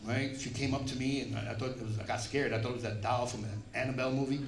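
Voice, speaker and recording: A man's voice: medium pitch, steady tone, quick pace. A middle-aged man with a New York accent doing a stand-up comedy set, delivering brash, profane punchlines. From Puerto Rican, raised in the Bronx, New York. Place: comedy club stage. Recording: echoey live room with crowd noise. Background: audience laughter.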